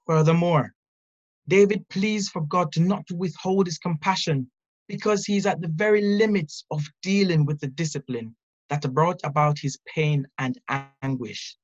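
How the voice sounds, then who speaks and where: A speaker giving an earnest, measured devotional Bible teaching, reading scripture and reflecting on it. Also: mid-range voice, muffled recording. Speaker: preacher.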